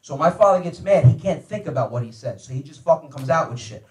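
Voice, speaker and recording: A man telling profane, animated stand-up stories about his family and acting out their voices. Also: fairly high pitch, fast talker. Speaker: comedian guest telling stories. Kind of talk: stand-up storytelling. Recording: roomy, far from the mic.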